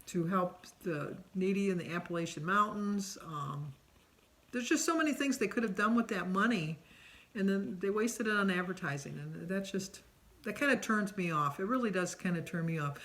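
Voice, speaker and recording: A woman's voice: medium pitch, moderate pace, a bit bright. Chatty middle-aged woman rambling on camera. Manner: chatty and rambling, many ums. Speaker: vlogger answering a tag questionnaire. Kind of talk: casual chat.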